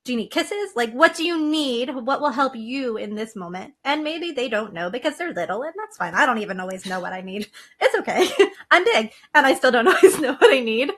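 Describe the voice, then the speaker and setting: Woman guest on a video call chat, giggles all the time, high bright voice. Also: a little fast. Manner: laughs often, playful and animated. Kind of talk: casual podcast conversation.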